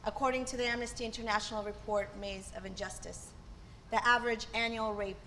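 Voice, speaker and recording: A woman presenting the introduction to a theater piece in a measured, informative way. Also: a little high, fairly even intonation, sharp tone, slight background noise, poor audio. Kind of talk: read stage introduction.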